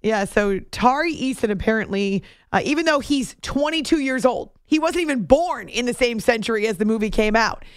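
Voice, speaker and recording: A woman hosting sports radio in a casual, playful way, who sometimes breaks into high shouted impressions. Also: lively intonation, a little fast, few pauses, clear, resonant tone, no room sound, studio quality. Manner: playful, tries high movie-villain shouts.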